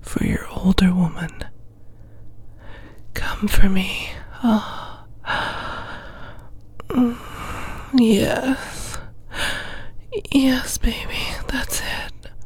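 Woman, whispered role-play ASMR; breathy hush throughout, unhurried commanding delivery. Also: on the high side. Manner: slow, commanding, coaxing whisper. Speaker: ASMR performer.

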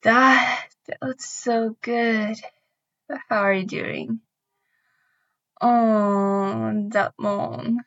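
A woman voicing a dominant, teasing adult partner in an intimate audio role-play, speaking in a commanding way with breathy moans. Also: on the high side, fairly even intonation, very slow, pauses often, fairly bright tone, dull audio, full character voice.

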